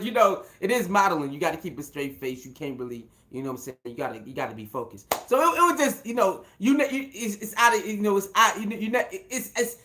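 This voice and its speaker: A man's voice: on the high side, fairly bright tone. A man hosting his own show, giving rambling casual commentary full of fillers, repeated words and restarts, and chuckling now and then. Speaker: show host.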